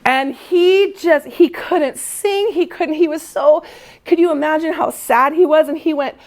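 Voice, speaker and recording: A woman, a music teacher, giving a lively storytelling lesson to other teachers and acting out how children react. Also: high-pitched, a little slow. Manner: animated, playful, acts out children's reactions.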